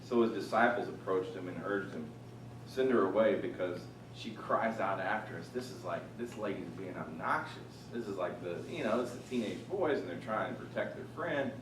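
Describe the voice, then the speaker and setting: A man teaching through a Bible passage, animated, rising loud on quoted lines and dropping quiet for asides. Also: deep voice, normal speed, far from the mic, noisy background. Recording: echoey room from off-mic, faint ambience.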